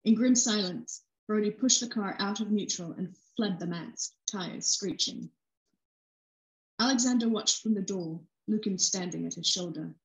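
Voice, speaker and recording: A woman's voice: mid-range voice, unhurried. Woman reading her novel aloud, echoey. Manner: steady, expressive read-aloud narration. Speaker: author reading her book. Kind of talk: book reading narration. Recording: roomy echo.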